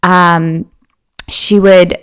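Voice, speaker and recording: A young woman, a podcast guest, telling personal stories in a casual, animated way and acting out quoted voices. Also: extremely slow, clean tone. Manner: animated, acts out quoted voices with big pitch jumps. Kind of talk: casual storytelling interview.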